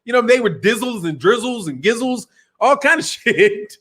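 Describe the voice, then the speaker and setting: A man's voice: extremely high pitch, sing-song, normal speed, fairly bright tone, slightly rough. A middle-aged man from Chicago hosting a boxing live stream in a loose, slangy, casual chat, laughing often. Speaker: boxing channel host.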